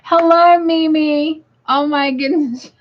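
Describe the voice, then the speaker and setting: A woman's voice: a little high, unhurried. A woman hosting a livestream, reading chat comments aloud and laughing often. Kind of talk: casual chat. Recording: dull lo-fi sound.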